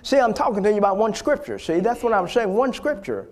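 A male pastor preaching a fervent sermon, repeating phrases and building to loud exhortation. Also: high voice, expressive, fast.

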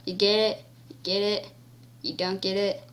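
A woman giving casual, goofy gameplay commentary, cracking jokes and talking playfully in a drawn-out way. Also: medium pitch, level tone, a bit bright.

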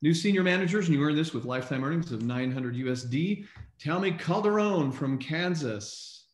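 A man co-hosting a live online recognition event, reading out names in an upbeat way and often clearing his throat, speaking over a video call. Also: on the high side, lively intonation, normal speed, a little hiss or hum. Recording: echoey room on a video call.

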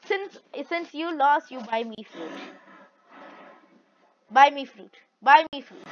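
High-pitched young woman gaming on a lo-fi mic. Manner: playful trash talk, frequent laughing. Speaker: gaming video creator. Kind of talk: casual gameplay commentary.

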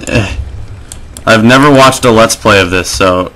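A man giving gameplay commentary as a let's play host, jumpy and excitable, swearing, laughing and yelping. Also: on the low side, unhurried.

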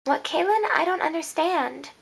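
A woman's voice: very high voice, normal speed, gravelly, fairly bright tone, a little hiss or hum, pitched above the performer's own voice, heavily acted. A woman voicing a spoiled, whiny girl diva with a fake-innocent manner, over faint music. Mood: fake innocence.

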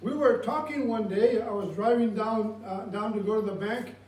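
Man, pastor, sermon, high voice, storytelling, echoey church miked from a distance. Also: normal speed. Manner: storytelling preacher, drops to a hush for prayer. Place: church sanctuary. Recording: roomy church sound from far off.

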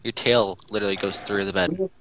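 Guy w a bright voice, lots of up and down, teasing his buddy while gaming. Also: mid-range voice, sing-song, fairly quick, vocal fry, a little hiss or hum. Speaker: guest player. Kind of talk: casual gaming banter.

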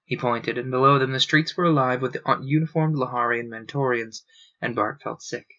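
A man narrating a novel aloud in a steady storytelling manner, on a dull lo-fi recording. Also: mid-range voice, brisk. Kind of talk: book reading aloud.

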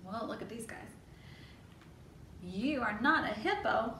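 A woman's voice: a little high, expressive, unhurried, pushed and bright, far from the mic, slight background noise. A woman children's librarian leading a toddler storytime, speaking in a coaxing way and asking the children questions. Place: library room. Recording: echoey room, mic set back.

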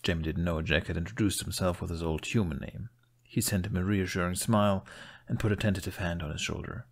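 A man reading a fan fiction story aloud as narrator, in a steady, even manner. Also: low voice, brisk, husky. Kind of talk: audiobook narration.

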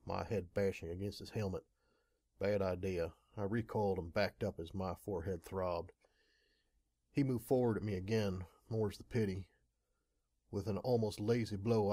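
Low-voiced man narrating an audiobook. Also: a little mellow, no room sound, studio quality. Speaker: audiobook reader. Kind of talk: scripted narration.

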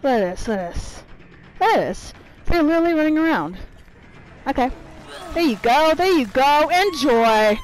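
A woman's voice: high-pitched, lively intonation, normal speed, long pauses, low-quality recording. A woman giving profane, irritated live commentary while playing a video game, trash-talking her opponents. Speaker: gameplay streamer.

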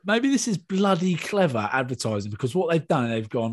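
A man's voice: fairly high pitch, very animated, brisk. A man hosting a podcast, bantering casually, joking and mocking himself, swearing freely. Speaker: podcast host.

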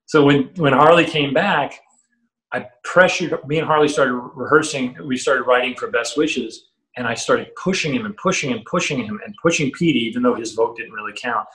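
A man's voice: medium pitch, moderate pace. A middle-aged man, a guitarist guest, telling stories in an interview, acting out quotes and swearing freely. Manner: animated storyteller who acts out quotes, swears freely. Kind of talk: storytelling interview. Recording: roomy echo.

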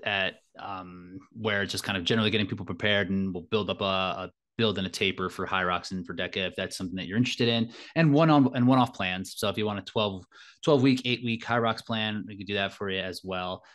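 A man's voice: low voice, steady tone, brisk, a bit bright. A man being interviewed as an elite fitness racer and coach, reflective in manner and often adding "like" and "right?" as he talks. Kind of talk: casual interview talk.

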